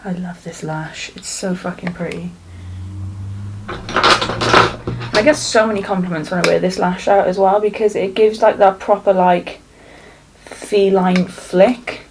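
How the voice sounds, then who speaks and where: Faint music plays behind poor audio as a young beauty vlogger from South Wales works through a casual makeup tutorial at home. She speaks in a lowish, steady voice, unhurried and with long pauses, rambling and swearing freely as she goes.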